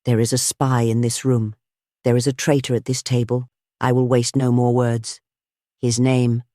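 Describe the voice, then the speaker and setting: A man reading an audiobook, voicing a huge, genial but commanding male anarchist chief who talks briskly with grand amusement. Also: mid-range voice, a little mellow, no echo, clean studio sound, natural voice. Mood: grave.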